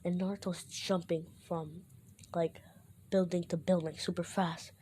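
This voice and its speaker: A woman retells a fan story in a loose, rambling way, often stopping to correct herself. Her voice is mellow and a little low. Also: flat delivery, a little slow, a little hiss or hum.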